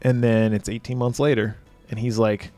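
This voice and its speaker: A man co-hosting a podcast, casually retelling a film's plot with profanity and quick quoted lines. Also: mid-range voice, little pitch movement, mellow, faint music behind. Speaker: podcast co-host. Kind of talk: casual film review chat.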